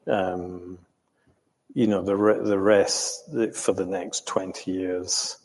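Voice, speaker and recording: An older man from England tells his story slowly and hesitantly, pausing on ums and starting over. His voice sits low and sounds a little husky. The sound carries a long reverb, as if recorded in a hall. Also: little pitch movement. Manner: hesitant, full of ums and restarts, chuckling. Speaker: interviewee recounting his life. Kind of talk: reflective storytelling.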